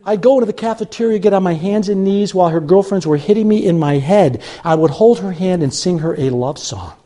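An older man from Chicago, a pastor telling a self-mocking personal story in an animated storytelling sermon. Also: high-pitched, brisk. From Chicago, USA.

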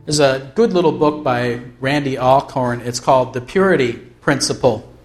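A man preaching a sermon as pastor, reading aloud from a book and slowing down to stress key words. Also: medium pitch, faint music behind. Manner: earnest, slows down for emphasis.

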